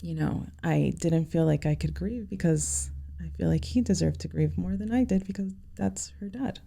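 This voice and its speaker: A woman with a low, heavily gravelly, dark and mellow voice appears as a podcast guest and sincerely recounts a personal story. Her speech halts frequently and is full of "you know" fillers.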